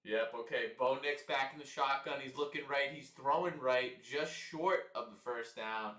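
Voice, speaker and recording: A young man giving casual live football commentary on a stream, frustrated and swearing, with sudden loud outbursts. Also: medium pitch, moderate pace, echoey room, distant mic. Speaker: livestream commentator.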